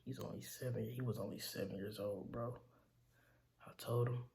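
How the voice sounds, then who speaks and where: A young man tells a painful family story in a low, gravelly voice. His pitch barely moves, and he stops and restarts often, calling the listener bro. Grief pulls his voice down to near whispers. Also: steady tone, a little mellow. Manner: halting, repeats himself, calls the listener bro. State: grieving, voice dropping to near whispers. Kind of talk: emotional storytelling to camera.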